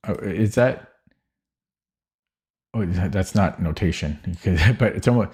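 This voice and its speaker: Young male streamer, deep voice, unhurried, mumbles and corrects himself while thinking aloud. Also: animated, dark tone, slightly rough. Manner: muttering, hesitant, self-correcting. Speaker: chess streamer.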